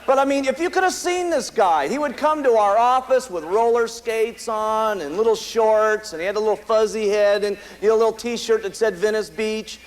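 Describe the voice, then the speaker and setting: A man's voice: high voice, normal speed, hardly any pauses, low-quality recording. An American man giving an emphatic, repetitive motivational speech to a live audience at a company meeting, telling stories. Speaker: company founder speaking at a meeting.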